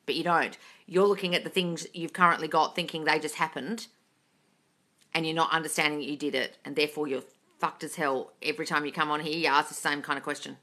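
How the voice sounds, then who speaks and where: Woman coach, slight British lilt, blunt and profane, low voice, bright edge. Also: brisk. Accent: slight British intonation. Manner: blunt and sweary, reads chat questions aloud. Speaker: manifesting coach answering live chat questions. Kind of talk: casual live Q&A.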